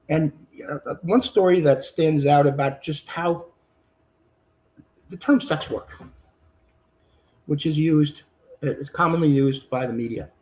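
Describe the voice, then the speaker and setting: A man, a judge, speaking as an interview guest in an earnest, halting way, with many fillers and restarts that build in intensity. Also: a little high, dark tone, rough recording. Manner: earnest, halting with fillers and repeats, rising intensity when quoting. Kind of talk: conversational interview.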